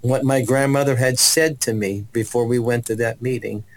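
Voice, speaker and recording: A man's voice: mid-range voice, moderate pace, rough recording. A man giving a personal testimony as a guest, telling his story with restarts and acted-out voices. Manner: animated storyteller, acts out voices, many restarts.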